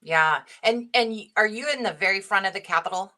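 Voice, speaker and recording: A woman's voice: mid-range voice, brisk, sharp tone. A woman interviewing a guest, prompting him with short questions. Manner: brief prompting questions and backchannels. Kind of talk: conversational interview.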